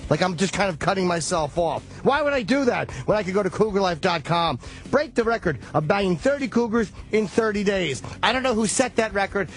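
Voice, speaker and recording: A man co-hosting a radio show, reading a crude, rambling, self-mocking comic ad. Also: sits high. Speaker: radio co-host. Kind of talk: comedic live ad read.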